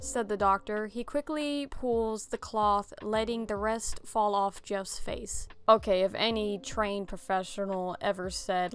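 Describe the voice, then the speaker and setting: A woman reading a horror story aloud, breaking in with animated, sarcastic commentary. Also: medium pitch, unhurried, clean tone, faint music behind. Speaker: storytelling reviewer.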